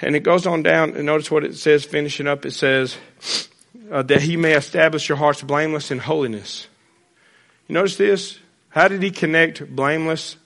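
A pastor preaching a sermon in church, blunt and folksy with joking asides. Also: male voice, a little high, steady tone, moderate pace, gravelly, fairly bright tone.

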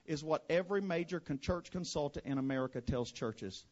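A pastor from West Monroe, Louisiana, with a Southern accent, preaching a fiery sermon to a congregation. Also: male voice, fairly high pitch, brisk, muffled recording. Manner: fiery preaching, swinging from hushed to shouted.

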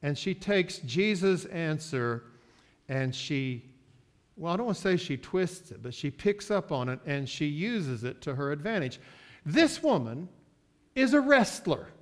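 Slow, emphatic preaching man. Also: fairly high pitch, sing-song. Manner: swings from soft asides to loud, stretched-out declarations. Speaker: pastor. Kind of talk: sermon.

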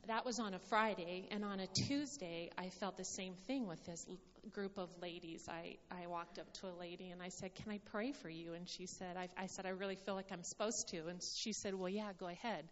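A woman's voice: lowish voice, fairly even intonation, a little fast, few pauses, big-room sound, dull audio, a little hiss or hum. A woman sharing a church testimony in an earnest, storytelling way, often quoting what others said. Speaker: ministry speaker sharing testimony.

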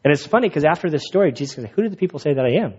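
A man preaching a sermon and telling his own stories in an animated, jokey way, laughing at his own stories. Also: on the high side, very fast, slightly rough, highs cut off. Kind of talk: sermon with personal storytelling.

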